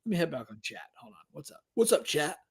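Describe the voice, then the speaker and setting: A man's voice: on the high side, big pitch swings, fast talker, vocal fry, breathy edge. A man hosting a live stream giveaway, chatting to viewers and drawing out the suspense. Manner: hypes and drags out suspense, talks to chat.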